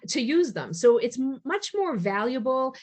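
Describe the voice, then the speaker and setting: A woman's voice: high-pitched, sing-song, normal speed, darkish tone. A middle-aged woman co-hosting a podcast in casual chat, explaining her points earnestly with the odd laugh. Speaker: podcast co-host.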